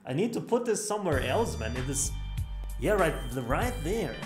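A man's voice: a little high, moderate pace, music in the background. A young man streaming a horror game live, gasping, yelping and swearing, full of crude jokes. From Austria. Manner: excitable, yelps and gasps, swears a lot, crude jokes.

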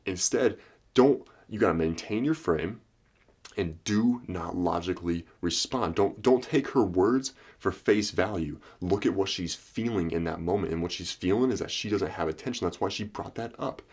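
A man's voice: sits low, moderate pace, a little mellow, husky. A man talking straight to camera as a dating coach, blunt and profane, slipping into acted lines to make his points. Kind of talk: direct-to-camera advice talk.

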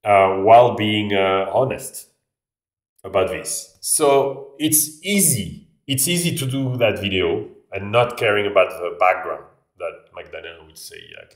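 Brief: French-accented man, casual vlog, rambling delivery, lowish voice, roomy echo. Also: measured pace. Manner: rambling, restarts phrases, frequent "like". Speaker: vlogger. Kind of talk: casual talk to camera. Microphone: camera. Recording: echoey room, voice a bit far off.

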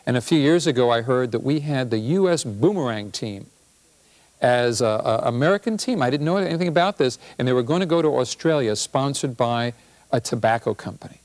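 A man, a physician and professor, giving a humorous public health talk with an animated, punchy delivery. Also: mid-range voice, fairly quick.

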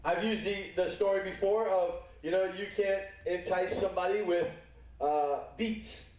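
A middle-aged male pastor preaches with a folksy, playful delivery and drops into little acted-out voices. His voice sits high for a man. It rings through a very echoey church hall, heard from some distance off the mic. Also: fairly even intonation, a little slow, darkish tone. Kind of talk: sermon. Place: church sanctuary.

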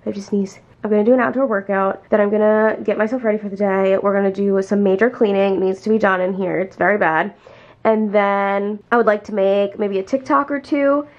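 A woman's voice: medium pitch, steady tone, fairly quick, highs cut off. A young woman vlogging casually at home and on her backyard deck, chatty and full of "like", cooing in baby talk to her cat. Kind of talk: casual vlog chat.

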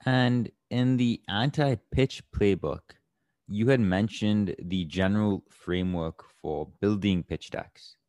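Very deep slow-talking man host. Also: darkish tone, dry recording. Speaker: podcast host. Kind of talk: interview question.

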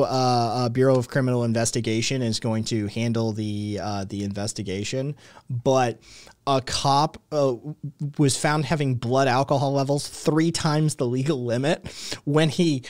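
A man hosting a podcast rambles through casual commentary, full of sarcasm and swearing. His pitch is average, and the sound is dry and close, with no room echo. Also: fairly even intonation, unhurried, darkish tone. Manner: profane, sarcastic, rambling with many fillers. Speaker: podcast host.

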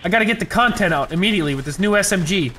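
Hyped gamer guy cussing and yelling over a match, high lively voice. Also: rapid-fire, slight background noise. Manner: excitable, swears a lot, yells when frustrated. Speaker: gaming video host. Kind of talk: casual gameplay commentary.

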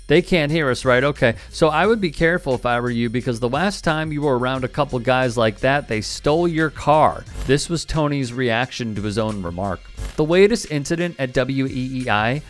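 A man's voice: medium pitch, moderate pace, hardly any pauses. A man hosting a sports news commentary, delivering a scripted segment with a wry, pointed tone. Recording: faint music bed behind.

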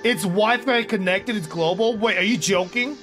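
High-pitched young guy streaming a game, loud and sweary, yells a lot, faint music behind. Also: moderate pace. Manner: loud, rambling and profane, bursts into yelling. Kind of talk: casual live-stream chat while gaming.

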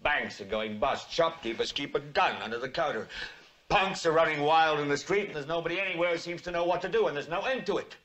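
A man playing a fed-up TV news anchor in a 1970s film drama, speaking in an impassioned, commanding way that rises into shouting. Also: fairly high pitch, a little fast. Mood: grim. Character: fed-up middle-aged male TV anchor ranting on air.

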